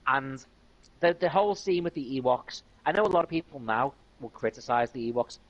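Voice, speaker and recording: Brisk and animated, this man's medium-pitched voice comes through a low-quality recording as he streams a game. He rambles enthusiastically in casual chat, using lots of fillers and starting sentences over.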